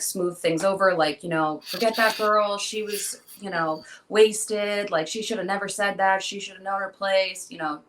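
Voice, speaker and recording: A woman's voice: lowish voice, low-quality recording. A young woman being interviewed, telling a personal story and acting out the dialogue she quotes. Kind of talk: emotional personal account.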